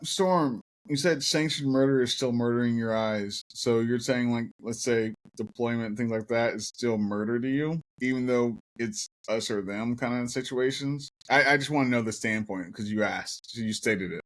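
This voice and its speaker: Young male podcast host, casual, cursing, laughs his way through war stories, mid-pitched. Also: moderate pace, hardly any pauses. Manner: swears a lot, laughs while telling stories.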